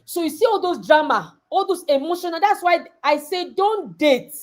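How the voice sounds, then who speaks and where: Brief: high-pitched Nigerian woman, middle-aged, lively motivational coach who scolds and coaxes her audience. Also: moderate pace. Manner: animated, acts out dialogues, coaxing and scolding. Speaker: coach speaking at a girls' summit. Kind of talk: motivational talk.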